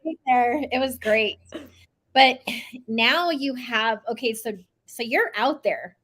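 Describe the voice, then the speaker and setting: Brief: female host, supportive and affirming, fairly high voice. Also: takes it slowly. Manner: warm, affirming, encouraging. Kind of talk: casual interview.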